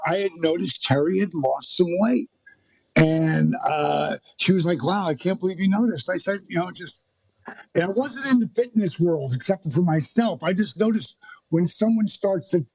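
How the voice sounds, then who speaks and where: Male guest, animated storyteller; higher pitch, raspy, recorded dry and dull. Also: no echo. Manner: animated, acts out quoted dialogue. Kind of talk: storytelling in a podcast interview.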